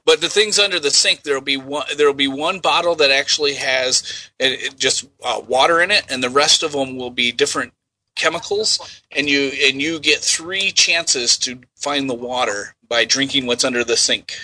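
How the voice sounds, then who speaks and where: A man's voice: medium pitch, normal speed, pushed and bright, poor audio. A man hosting a prank call comedy bit who is upbeat and playful and goads the caller on. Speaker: host.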